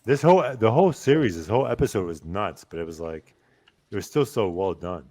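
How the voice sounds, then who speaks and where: A man's voice: lowish voice, lively intonation, fairly quick, mellow. A man bantering crudely as a podcast co-host in casual chat.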